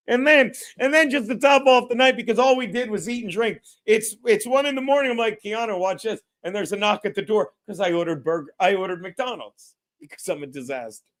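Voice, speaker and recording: A man hosting a casual livestream, telling rambling, profane stories and laughing at himself. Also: sits high. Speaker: podcast host.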